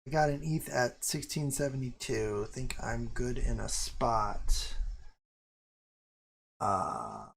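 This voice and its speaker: A man's voice: mid-range voice, animated, slow pace, gravelly, a little hiss or hum. A young man chatting casually on a live stream, rambling and swearing freely, with self-mocking asides.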